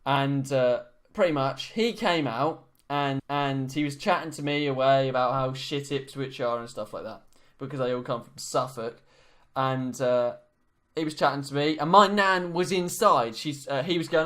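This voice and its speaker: A man's voice: fairly high pitch, moderate pace, a bit bright. A young man telling a story in casual podcast chat, rambling with many fillers and restarts. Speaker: podcast co-host.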